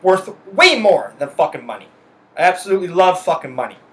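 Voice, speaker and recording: Angry, swearing young man, bright voice. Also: sits high, sing-song, a little fast. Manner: angry, profane, emphatic. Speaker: podcast host. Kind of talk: ranting solo monologue.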